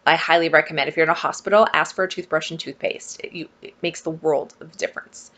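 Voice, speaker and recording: A woman telling a personal story to her viewers in a casual vlog, animated and exasperated. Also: low-pitched, quick pace. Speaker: vlogger.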